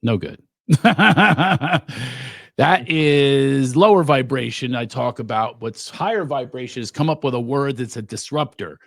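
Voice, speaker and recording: A man's voice: medium pitch, a little slow, vocal fry, no room sound, clean studio sound. A middle-aged man, a guest comedian, chatting on a podcast and acting out quotes with animation. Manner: animated storyteller, acts out quotes. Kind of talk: casual podcast chat.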